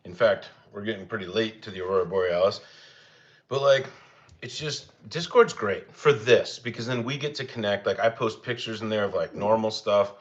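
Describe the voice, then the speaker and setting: A young man hosting a casual cooking livestream, chatting easily with viewers and talking to his dogs. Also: moderate pace. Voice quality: easygoing, rambling and chatty. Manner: talks to his dogs in a higher voice. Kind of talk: casual live chat with viewers. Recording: slightly dull lo-fi sound.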